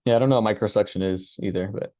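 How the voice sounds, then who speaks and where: A man hosting a workshop, walking through his screen in a relaxed, casual way and thinking aloud with many fillers. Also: lowish voice, rapid-fire, dry recording, clean studio sound. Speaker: workshop host. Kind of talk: casual screen-share walkthrough.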